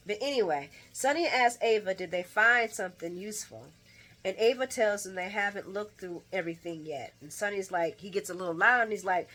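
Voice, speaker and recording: A woman hosting a casual daily soap opera recap, telling the story in an animated way and acting out characters' lines. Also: mid-range voice, normal speed.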